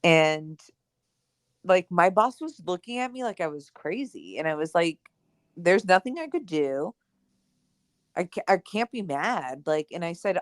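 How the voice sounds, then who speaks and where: This podcast co-host, a woman in early adulthood, tells a lively personal anecdote in relaxed conversation, dropping plenty of "like" and "right?" while performing the quoted dialogue. Her pitch is fairly low and her pace measured, captured in a dry, studio-quality recording.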